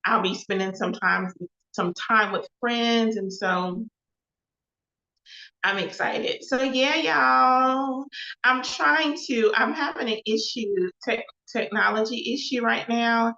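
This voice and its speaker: A woman's voice: a little high, slow pace, gravelly, bright, forceful tone. A woman hosting a casual live show, chatty and repetitive, often calling her viewers y'all. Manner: chatty, repeats phrases, addresses viewers as y'all. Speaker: host of a live show and podcast. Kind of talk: casual livestream talk with faith references. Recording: echoey, slightly dull livestream audio.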